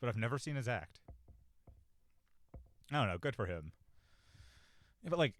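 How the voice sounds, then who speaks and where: A man hosting a casual talk show, rambling and self-deprecating, swearing freely and filling every pause, on a cheap close mic. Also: medium pitch, very animated, no echo. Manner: rambling, profane, self-deprecating, many fillers. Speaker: podcast host. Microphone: cheap desk mic, close.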